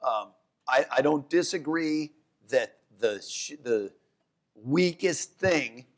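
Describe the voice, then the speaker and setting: Animated male economist guest. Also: a little high. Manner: animated, talks in quick bursts, restarts and corrects himself. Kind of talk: onstage conversation.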